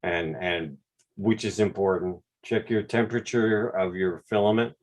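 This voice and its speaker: Low-voiced man with a Quebec accent. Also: a little slow. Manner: relaxed, rambling, mild swearing. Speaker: drone channel host. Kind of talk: casual livestream chat. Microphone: video call.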